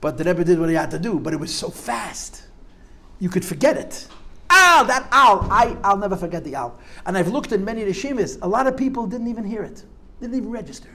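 Telling his memories to a live audience, an older man speaks fast and animatedly in a high, gravelly voice, scattering Yiddish and Hebrew words through his vivid, demonstrative storytelling. A little background noise can be heard.

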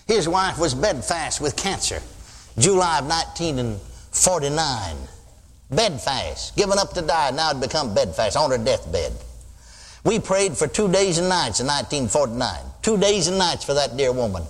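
High, animated older preacher in a hall. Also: male voice, moderate pace. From Texas. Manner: folksy storytelling, mimics a pastor's sing-song praying. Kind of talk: sermon. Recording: long reverb of a church hall.

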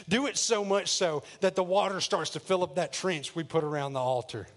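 A preacher tells a story from the pulpit with playful humor and energy. His voice sits a touch high, and he speaks in a casual, conversational sermon style. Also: normal speed, few pauses. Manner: lively, jokey retelling. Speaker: pastor.

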